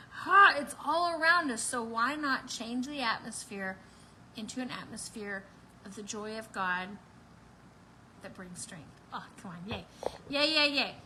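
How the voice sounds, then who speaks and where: A woman hosts a live online prayer meeting, bubbly and laughing as she preaches excitedly and talks straight to her viewers. Her voice sits high with a sharp tone, in a low-quality recording with slight background noise.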